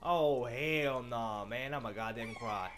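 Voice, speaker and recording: A man giving excitable, foul-mouthed commentary while playing a video game, shouting out in sudden bursts and calling everyone bro. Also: mid-range voice, slow pace, a little hiss or hum. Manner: excitable, swears a lot, sudden loud outbursts; calls viewers and game characters bro and man. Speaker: gaming channel host. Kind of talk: live gameplay commentary. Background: game soundtrack music.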